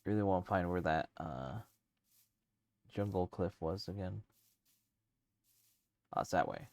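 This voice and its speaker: A man's voice: deep voice, measured pace, creaky, darkish tone, no room sound. A man streaming a let's play, rambling casually as he thinks aloud with lots of fillers. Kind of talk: casual let's-play commentary while gaming.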